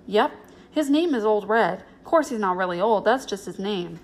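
A woman's voice: medium pitch, animated, normal speed. A woman voicing an eager, earnest young circus boy in a storybook reading. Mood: proud.

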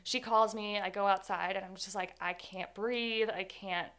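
A woman's voice: medium pitch, fairly even intonation, moderate pace, fairly bright tone, clear, resonant tone. A young woman in her twenties, a guest telling her own story in an interview, candid and earnest, with many "like"s. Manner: candid, earnest, says 'like' often.

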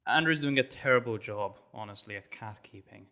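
A young man from Malta chats as a guest on a casual podcast. His tone is bright and forward. He rambles in a dry, self-deprecating way. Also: lowish voice, brisk. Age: young adult.

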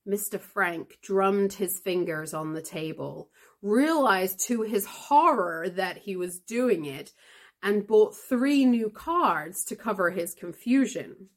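A woman podcast host reading a fantasy novel aloud for English learners, in an expressive storytelling manner. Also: mid-range voice, slow.

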